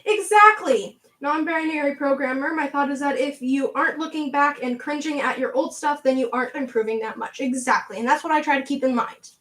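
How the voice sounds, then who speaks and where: Bubbly high-voiced Canadian woman streaming. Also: fairly quick, hardly any pauses, a bit bright, rough recording. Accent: Canadian, southwestern Ontario. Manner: bubbly, chatty, laughs often, reads and answers chat. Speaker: livestream host. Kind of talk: casual livestream chat.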